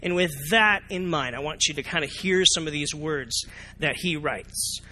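A man preaching a sermon as pastor, animated and often asking the congregation questions. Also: a little high, normal speed. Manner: animated, asks the congregation questions, acts out reactions. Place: church sanctuary.

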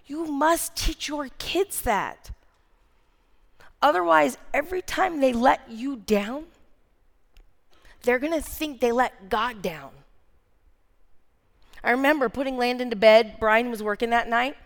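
A woman in her thirties delivers an earnest sermon in a high voice, leaning hard on repeated phrases. She speaks at an unhurried pace, and her words ring with the long reverb of a large church hall. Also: creaky. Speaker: speaker preaching.

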